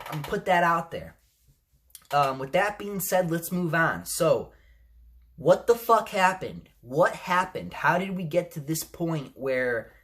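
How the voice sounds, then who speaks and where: A man's voice: fairly high pitch, fairly bright tone. Guy ranting on his vlog, cussing, scolding his audience, voice jumping up and down a lot. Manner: heated, profane, scolding viewers. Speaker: vlogger. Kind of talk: ranting commentary to camera.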